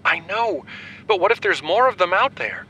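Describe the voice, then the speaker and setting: A man's voice: high-pitched, expressive, normal speed, sharp tone, muffled recording, slight background noise, voice pushed up. A man voicing a frightened young woman who pleads anxiously over the phone.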